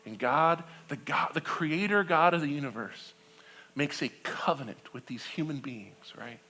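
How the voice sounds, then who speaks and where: A man in his thirties preaching a sermon, telling the story in a conversational, animated way and asking his listeners "right?" along the way. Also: fairly high pitch, unhurried. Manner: animated storytelling, acting out quoted voices; conversational with frequent "right?" and laughs. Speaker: pastor.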